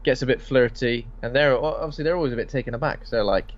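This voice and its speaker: A man's voice: medium pitch, quick pace. A man co-hosting a podcast, chatting casually about a film. He swears freely and often acts out lines in a raised voice. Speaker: podcast co-host. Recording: dull lo-fi podcast audio.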